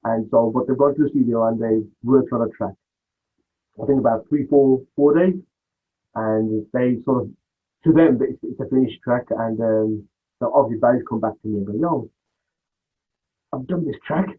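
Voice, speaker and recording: Male guest, husky voice, tinny phone-like sound, rambling storyteller who acts out quotes. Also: mid-range voice, fairly even intonation, moderate pace. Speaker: podcast guest, music producer. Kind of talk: casual storytelling interview.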